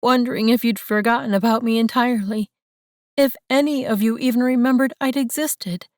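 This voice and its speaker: A woman reading the part of a grieving young woman in an audiobook, raising her voice higher and more tearful. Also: expressive, extremely slow, a little mellow, no room sound, clean studio sound, far from the mic, heavily acted.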